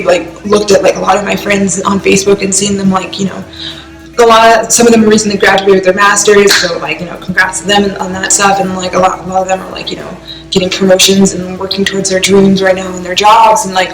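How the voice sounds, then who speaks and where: A woman's voice: medium pitch, a bit bright. Rambling young woman in echoey room. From US East Coast. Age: young adult. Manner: rambling, heavy use of "like", emotional. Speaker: vlogger reacting to music. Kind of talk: casual reaction vlog.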